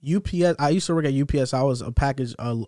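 A young man co-hosting a podcast, telling casual stories about past jobs with a relaxed, chatty manner. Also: medium pitch, fast, no room sound, studio quality. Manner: relaxed storytelling with frequent "bro" and "like". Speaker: podcast co-host. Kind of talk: casual chat.

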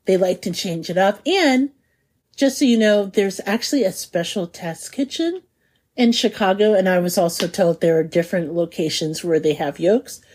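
With a medium-pitched, darkish voice carrying a breathy edge, this food podcast host talks at a moderate pace. Her chat is casual and eager, and she frequently laughs while relishing her descriptions.

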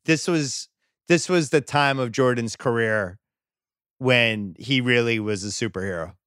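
A man's voice: mid-range voice, measured pace, a bit bright, clean tone, dry recording, studio quality. A man guesting on a sports podcast, talking conversationally with emphatic asides. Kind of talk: casual sports chat.

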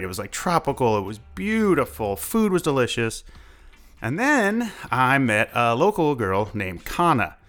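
A young man telling a personal story in a chatty, animated way, full of likes and uhs. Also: mid-range voice. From United States. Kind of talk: casual first-person storytelling.

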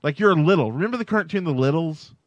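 A man's voice: fairly high pitch, lively intonation, quick pace, dry recording, highs cut off. A man co-hosting a podcast, chatting casually and rambling with lots of "like" fillers. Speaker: podcast co-host. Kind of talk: casual chat.

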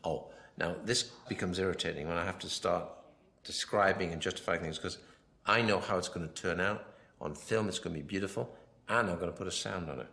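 A film director giving a rambling commentary, full of anecdotes, often quoting himself and others. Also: male voice, low voice, fairly quick, creaky, bright, forceful tone.

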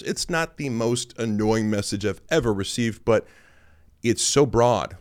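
A man's voice: lowish voice, measured pace. A man around forty hosting a podcast, talking in a blunt, sarcastic and casual way, with offhand fillers. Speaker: podcast host and lifting coach. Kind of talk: casual monologue.

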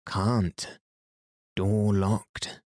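A man doing a boy booming in a deep voice. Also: flat delivery, a little mellow, no room sound, clean studio sound. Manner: slow, booming, clipped words. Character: boy putting on a deep, slow, loud voice.

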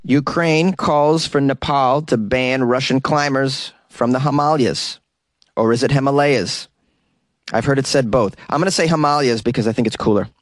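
A man's voice: mid-range voice, no echo, clean studio sound. A man hosting a comedy news show, reading headlines and cracking sarcastic jokes between them. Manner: sarcastic, jokey asides between read news items. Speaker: comedy news podcast host.

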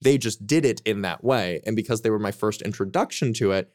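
A man on a podcast as a guest author, telling his story in a frank, casual way, with quick self-mocking asides and plenty of swearing. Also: lowish voice, darkish tone, dry recording, studio quality.

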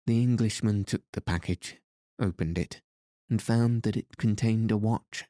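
Low slow guy reading an old story aloud, dry close sound, steady storyteller. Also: no echo. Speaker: narrator. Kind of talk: audiobook narration.

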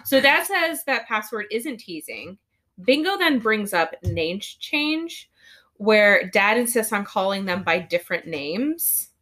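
A woman podcast co-host from Southern California, a parent, chatting casually and quickly about a cartoon episode. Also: mid-range voice. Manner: chatty, animated, quick retelling with acted-out quotes. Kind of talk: casual chat recapping a cartoon.

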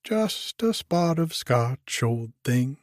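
A man's voice: medium pitch, sing-song, slow, breathy edge, dry recording, studio quality, full character voice. A man reading aloud and voicing a breezy, chummy, overbearing hotel porter. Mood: jaunty. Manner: bright and chummy.

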